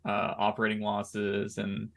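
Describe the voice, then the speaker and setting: A man's voice: lowish voice, monotone, moderate pace, creaky. A man co-hosting a podcast, reading out figures in a matter-of-fact way. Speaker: podcast co-host. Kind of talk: casual chat.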